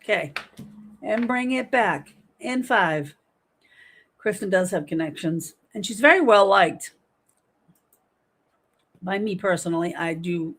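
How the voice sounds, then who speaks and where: A woman's voice: mid-range voice, takes it slowly, pauses often. Chatty middle-aged woman hosting a livestream. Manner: chatty, animated, reads viewer comments aloud. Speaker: livestream host. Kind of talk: casual livestream chat reading comments.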